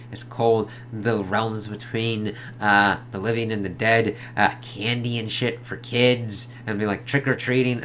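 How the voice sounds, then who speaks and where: A man's voice: on the low side, bright, forceful tone, slight background noise. Rambling, profane male film reviewer. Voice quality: profane, rambling, heavy on filler words. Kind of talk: casual spoken review.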